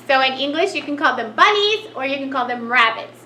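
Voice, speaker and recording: A woman's voice: sits high, animated, brisk, bright, forceful tone. A woman teaching a cheerful children's lesson, gasping with delight at each new picture. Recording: echoey room, faint noise.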